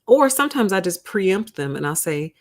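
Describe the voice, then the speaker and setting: A woman's voice: mid-range voice, sing-song, moderate pace. A young adult woman hosting a casual livestream, talking bluntly and candidly, laughing often and acting out what she said to others. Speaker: livestream host.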